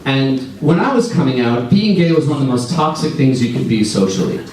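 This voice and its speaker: A man in his forties doing a stand-up comedy set, wry and deadpan with lively storytelling. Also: medium pitch, brisk, slight background noise. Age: 40s. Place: comedy club stage. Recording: echoey club sound from a distance. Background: audience laughter.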